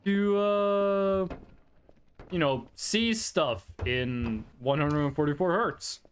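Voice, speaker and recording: A man's voice: fairly high pitch, takes it slowly, slight background noise. A young man from Norway, chatting casually on a livestream and rambling through anecdotes. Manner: rambling storyteller, chatty and animated. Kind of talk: casual chat with chat.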